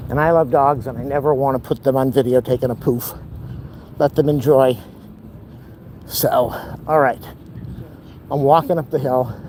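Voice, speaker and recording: This walking vlog has the man speaking in an even, medium-pitched voice at a moderate pace, leaving long pauses. Background noise accompanies his rambling, wry, blunt talk on city streets and lawns, filmed on a handheld camera.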